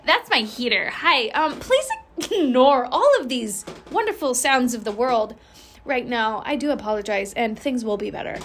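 A woman's voice: fairly high pitch, lively intonation, normal speed, a bit bright, slight background noise. A woman hosting her own podcast, chatting casually in a bubbly, rambling and candid way, swearing freely. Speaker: podcast host. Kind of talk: casual solo podcast chat.

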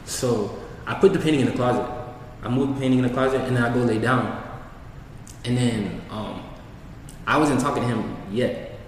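A man's voice: medium pitch, normal speed, pauses often, slight background noise. A young man telling a story to friends in casual chat, laid-back and full of slang. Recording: echoey room, voice from far off.

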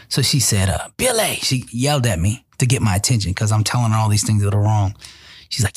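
Male motivational speaker, husky timbre, dry recording; animated, repetitive testimony delivery. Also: medium pitch, brisk, no echo. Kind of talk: conversational storytelling testimony.

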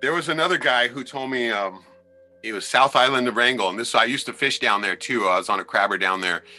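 A man, a former crab fisherman, telling wild sea stories in a loose, profane, animated way on a podcast. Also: medium pitch, fairly quick, soft background music. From Alaska. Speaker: podcast guest. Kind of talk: casual storytelling.

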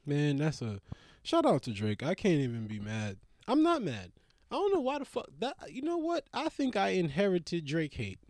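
A young man riffing in a casual comedic monologue, rambling and profane, with big jumps up in pitch when he gets worked up. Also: huge pitch swings, moderate pace, a little mellow, no room sound, studio quality. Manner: trails off into mutters.

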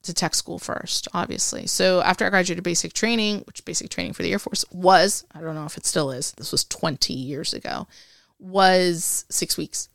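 Gravelly woman telling a story. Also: fairly low pitch, normal speed, no echo, studio quality. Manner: animated storyteller who acts out remembered dialogue. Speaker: interview guest, Air Force veteran. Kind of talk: casual storytelling interview.

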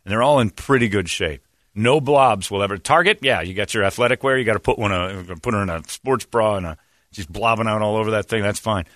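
Bright, low-voiced sarcastic comedian man. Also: fairly quick, no echo, studio quality. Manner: crude, sarcastic and emphatic. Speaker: podcast host. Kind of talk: casual comedic rant.

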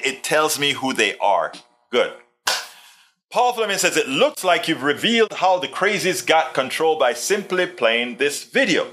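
A man's voice: a little high, sharp tone. A man hosting a livestream, reading viewer comments aloud and answering them in emphatic, casual political commentary, often repeating himself. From Hawaii.

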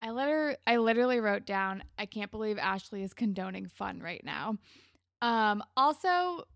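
A woman's voice: mid-range voice, animated, moderate pace, vocal fry, a bit bright, no echo, studio quality. A woman co-hosting a podcast, recapping a TV episode in casual, chatty talk full of "like" and the odd laugh and swear word. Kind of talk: casual chat.

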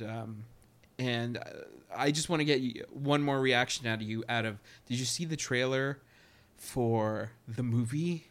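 Emphatic swearing male podcast host. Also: fairly bright tone. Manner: emphatic, swears freely, rising pitch when worked up. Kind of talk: casual podcast chat.

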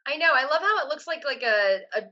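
A woman chats on a podcast, cracking jokes and slipping into quick impressions of people. Her tone is bright and sharp, slightly above average in pitch. The sound is dull, like a cheap lo-fi mic. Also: lively intonation. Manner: joking, quick, acts out quotes. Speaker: podcast co-host. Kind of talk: casual chat.

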